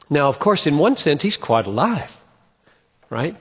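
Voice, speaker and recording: Emphatic male preacher, lively voice. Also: a little high, breathy edge. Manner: emphatic, with slow dramatic pauses. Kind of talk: sermon. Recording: muffled, long hall reverb.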